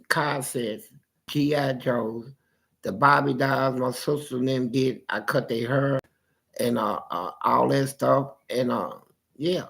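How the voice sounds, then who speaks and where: A man with a mid-range voice and vocal fry shares stories from his life in a laid-back conversation. He brings the tales to life by doing the voices of his family.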